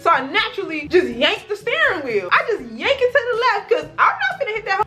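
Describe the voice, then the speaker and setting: High, bright-voiced young woman vlogger. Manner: animated, profane, slangy storytelling. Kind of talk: casual storytime vlog.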